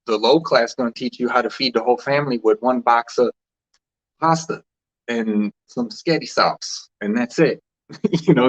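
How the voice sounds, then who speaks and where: Man host musing aloud in a loose, rambling way; mid-pitched, slightly dull recording. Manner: loose and rambling, with frequent restarts and laughs. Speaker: spiritual vlogger host. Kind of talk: rambling casual monologue.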